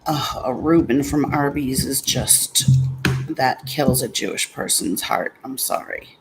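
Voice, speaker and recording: A woman's voice: rumbling low, expressive, a little slow, vocal fry, faint music behind. A woman vlogging casually at home, chatty and sarcastic, swearing when something frustrates her. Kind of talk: casual vlog chat. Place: home room with a fan.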